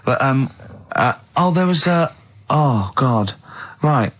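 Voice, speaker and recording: Guy hosting radio, mocks his mates, tells long rambly stories, mid pitch. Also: slow pace. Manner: teasing, mocking, animated storyteller. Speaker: radio host. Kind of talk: casual studio banter. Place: radio studio.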